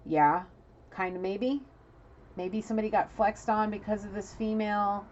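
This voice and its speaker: A woman's voice: mid-range voice, steady tone, normal speed, a little mellow. A woman from New City, giving a frank, scolding intuitive reading straight to an absent person. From New York City. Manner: blunt, scolding and frank, with frequent restarts. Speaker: intuitive reader. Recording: dull lo-fi audio with faint noise.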